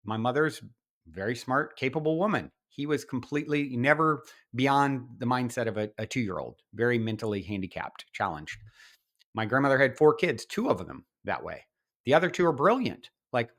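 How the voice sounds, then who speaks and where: A middle-aged man, a podcast guest, telling personal stories in an animated way, with many restarts and quoted asides. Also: medium pitch. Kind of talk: storytelling in conversation.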